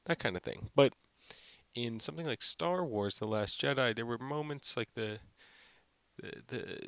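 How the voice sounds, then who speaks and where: A man's voice: mid-range voice, vocal fry, fairly bright tone, smooth, dry recording. A young man hosting his own film channel, giving an unscripted, rambling review full of "like" and fillers. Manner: rambling, heavy use of "like" and fillers.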